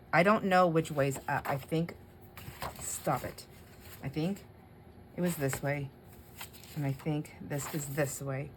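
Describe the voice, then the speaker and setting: Low-voiced woman chatting while crafting. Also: a little hiss or hum. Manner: chatty, laughs often, talks to herself while working. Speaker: craft channel host. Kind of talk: casual crafting chat to viewers.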